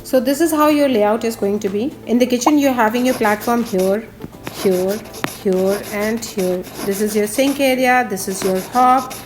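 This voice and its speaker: A woman's voice: on the high side, moderate pace. A woman, an architect and interior designer, explaining step by step how to lay out furniture on a house plan. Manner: explains step by step, pointing out spots on a drawing. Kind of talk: instructional walkthrough of a floor plan.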